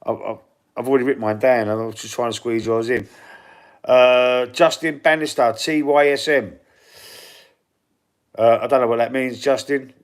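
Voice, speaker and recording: A man's voice: medium pitch, steady tone, normal speed, pauses often. Chatty Cockney man reading out live chat. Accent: London Cockney. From London. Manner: chatty, reads out viewer comments and predictions, stumbles and repeats words. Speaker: football channel host reading live chat. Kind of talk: casual livestream chat.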